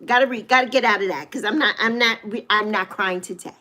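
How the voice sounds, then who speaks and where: A woman's voice: medium pitch, pushed and bright. A middle-aged woman hosting a live chat with viewers, emotional and affirming as she talks about spiritual connection. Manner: emotional, slow and heartfelt, reads viewers' names. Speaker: livestream host.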